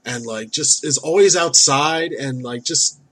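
A man's voice: medium pitch, a little slow, fairly bright tone, husky. A man in casual chat, swearing often and venting in an exasperated way about his neighbors. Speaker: store worker.

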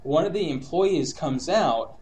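A man's voice: fairly high pitch, lively intonation, measured pace, a loud crowd. A man chatting casually as a podcast co-host, telling profane, ranting stories and laughing often. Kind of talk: casual chat.

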